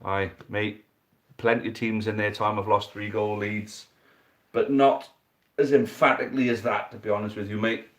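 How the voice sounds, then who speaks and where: A young man hosting and commentating a dice football tournament, chatty and excitable, swearing casually. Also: fairly low pitch, normal speed. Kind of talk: live commentary and casual chat.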